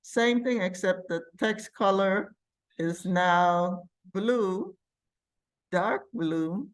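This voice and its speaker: Slow, patient woman teaching a computer class. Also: medium pitch. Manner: patient, thinks aloud while clicking. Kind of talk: live classroom software demonstration.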